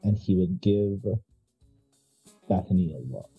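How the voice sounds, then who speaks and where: A man's voice: sits low, expressive, unhurried, gravelly, husky, narrow, tinny audio, faint music behind. A man player rambling with many fillers while describing his character. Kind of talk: casual role-play talk.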